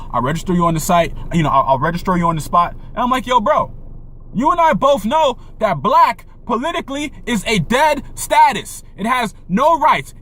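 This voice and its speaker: A man's voice: very high-pitched, fairly bright tone. A young man delivering a preachy, profane monologue rant, full of repetition and rhetorical questions.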